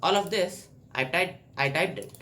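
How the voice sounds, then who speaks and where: In a high, sharp-toned voice at ordinary speed, a man teaches coding on a screen recording. He goes step by step, musing aloud as he types; there's a little background noise.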